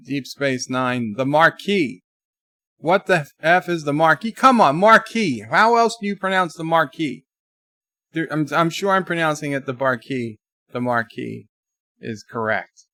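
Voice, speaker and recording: A man's voice: on the high side, a bit bright, no echo, clean studio sound. A man hosting a casual live stream, rambling between topics and reading viewer chat aloud.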